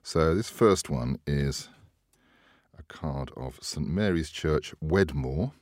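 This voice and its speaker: A man hosting a casual chat show, talking in a chatty way, laughing often and trailing off quietly. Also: extremely low pitch, animated, slow pace, no room sound, studio quality. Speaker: podcast host.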